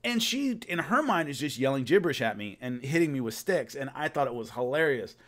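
A man's voice: medium pitch, very animated, fairly quick, a bit bright. A man casually telling a long rambling story about filming, with many restarts. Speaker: host recalling filming a fight show.

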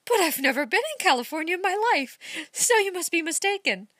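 A woman reading aloud, voicing a cheerful, teasing young woman in a bright, lilting voice. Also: very high voice, expressive, no room sound, clean studio sound, voice pushed up. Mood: puzzled. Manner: bright and lilting, quick to laugh.

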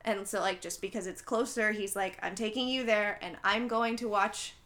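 Bright-voiced woman retelling a film plot. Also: normal speed. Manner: acts out characters' lines with lively pitch jumps. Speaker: podcast host recapping a film. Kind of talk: casual chat, animated retelling.

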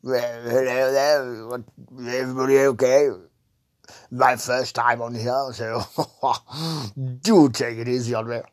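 A man putting on a posh, polite older gentleman with an exaggeratedly refined, plummy manner, heard a little off the mic. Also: medium pitch, fairly even intonation, slow, long pauses, lightly acted. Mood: genteel.

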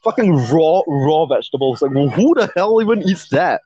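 A man's voice: on the high side, animated, normal speed, mellow, husky, no room sound, lo-fi sound. A man co-hosting a casual podcast, joking crudely and swearing a lot. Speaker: podcast co-host. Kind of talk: casual chat.

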